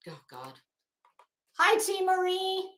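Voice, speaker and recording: A woman's voice: extremely high pitch, wildly swooping pitch, takes it slowly, a bit bright, roomy sound. A woman hosting a casual live stream, chatting with viewers by name and swearing freely. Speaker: live stream host reading chat.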